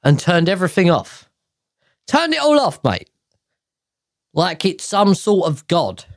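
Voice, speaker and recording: With a high voice, huge pitch swings and an unhurried pace, this man in his 30s hosts a solo podcast on a podcast mic. His casual chat is sweary, rambling and exasperated.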